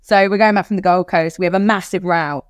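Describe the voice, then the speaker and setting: Co-host, Australian woman in her thirties, lower voice, lively storyteller who does the voices, dry sound. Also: a little fast, no room sound. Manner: animated, acts out quotes in other voices. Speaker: podcast co-host. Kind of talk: candid storytelling chat.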